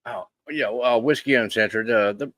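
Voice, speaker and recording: A man's voice: mid-range voice, fairly quick, a bit bright, no echo. Laid-back male co-host, dry sound. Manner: laid-back, gives short tasting remarks and dry quips. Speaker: co-host tasting whiskey. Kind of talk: casual livestream chat.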